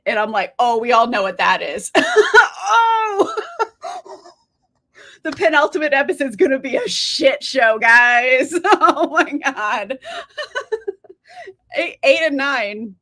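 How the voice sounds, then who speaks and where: Brief: young female livestream host, giggly and chatty, bright swooping delivery. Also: sits high, lively intonation, slow pace, pauses often. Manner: bubbly, giggly, greets chat viewers by name. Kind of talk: casual livestream chat.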